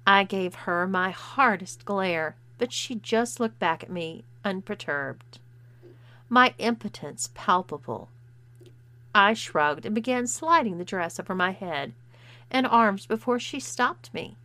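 A woman narrating a story in a steady, even reading voice. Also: mid-range voice, slow pace. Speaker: story reader.

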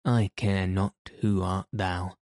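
A man plays a stubborn craftsman who won't be cowed and fires back defiant old-fashioned retorts. The voice is low and mellow, delivered slowly in a flat, even line, recorded close and dry. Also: no room sound. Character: stubborn, fearless grown male tanner.

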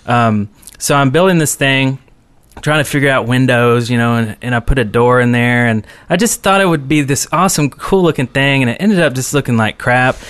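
A man's voice: mid-range voice, brisk, a bit bright, clear, resonant tone, no echo. A man co-hosting a casual podcast, laughing often and reading listener mail aloud. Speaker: podcast co-host. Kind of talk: casual chat.

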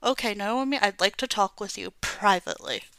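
A woman voicing a patient, gentle fish father who calmly lectures his daughter, in a storybook reading. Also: medium pitch, normal speed, clear, resonant tone, dry recording.

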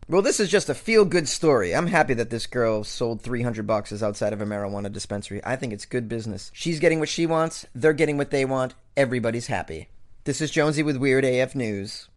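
A man's voice: medium pitch, animated, brisk. A male host reading quirky news stories aloud and breaking off into sarcastic, joking commentary. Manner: reads headlines then riffs with sarcastic, jokey asides.

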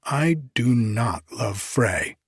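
A man voicing an obstinate young giantess maiden in a hushed, defiant whispered role-play. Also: medium pitch, lively intonation, very slow, breathy edge, no room sound, studio quality, heavily acted.

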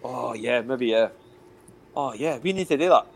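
A man's voice: mid-range voice, lively intonation, normal speed, vocal fry. A Scottish man, a podcast host, in sweary, laughing, teasing casual banter. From Scotland. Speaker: podcast host, former footballer.

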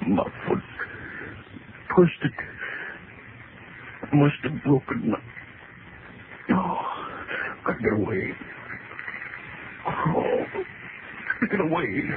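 A desperate gasping fugitive, wildly swinging voice, slow halting lines, old radio play, tinny with hiss. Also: male voice, medium pitch, very animated. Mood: panicked. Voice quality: breathless, gasping, desperate cries. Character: panicked man fleeing a monster spider, injured. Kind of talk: old radio drama acting.

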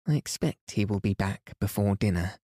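A man voicing a puzzled young woman in a bedtime storybook reading, lifting his voice higher. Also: lively intonation, normal speed, warm tone, dry recording, studio quality.

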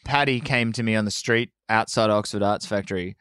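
A man, a band member explaining things in a relaxed way, with many fillers. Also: lowish voice, a little fast, clean tone, no room sound, clean studio sound. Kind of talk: casual chat.

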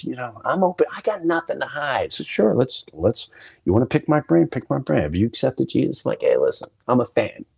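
A man's voice: medium pitch, gravelly, darkish tone. A man hosting a solo podcast, telling candid, emotional stories full of quoted dialogue. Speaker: podcast host. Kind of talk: solo storytelling monologue.

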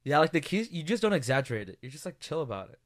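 A young man from California co-hosting a casual podcast chat, laid-back and heavy on fillers, often trailing off softly. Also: on the high side, big pitch swings, rapid-fire, a crowd in the background. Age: young adult. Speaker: podcast co-host.

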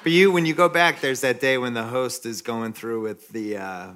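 A man's voice: mid-range voice, normal speed, background noise. A man hosting a live podcast interview, asking short questions. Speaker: podcast host.

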